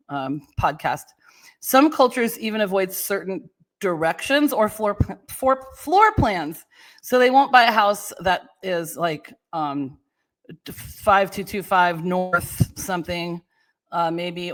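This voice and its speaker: A woman talks through home buying tips as the host of her own podcast. She chats loosely, doubles back on her words and breaks off for quick asides. Her voice sits in an ordinary middle range. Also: mid-range voice. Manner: chatty, loose, with frequent restarts and asides. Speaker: real estate agent podcast host. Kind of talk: casual solo podcast talk.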